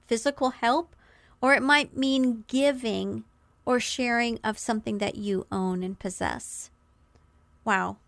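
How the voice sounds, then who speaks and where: Middle-aged woman, earnest devotional podcast host, higher voice, dry close sound. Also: no echo. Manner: earnest, warm encouragement with slow emphatic quotes. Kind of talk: devotional teaching talk.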